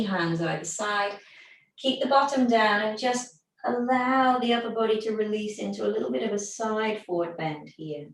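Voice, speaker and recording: A woman leads a gentle stretching and breathing class, talking calmly and slowly through each step. Her voice sits at a middle pitch and comes from a little way off the mic, with a roomy echo around it. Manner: calm, gentle step-by-step instructions. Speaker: recovery class instructor. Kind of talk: guided gentle exercise class. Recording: echoey room, voice from far off.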